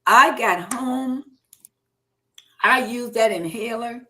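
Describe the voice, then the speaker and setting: A middle-aged woman hosting a live health talk show, telling a personal health story with lively, animated delivery and acting out the doctors' words and her own shocked replies. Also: a little high, slow pace. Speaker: host.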